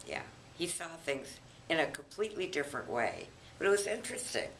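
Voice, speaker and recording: An elderly woman in her eighties, recounting family memories in an unhurried, reminiscing way as a grandmother being interviewed. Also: low-pitched, sing-song, vocal fry, fairly bright tone, slight background noise, rough recording. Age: 80s. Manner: reminiscing, unhurried, chuckles often.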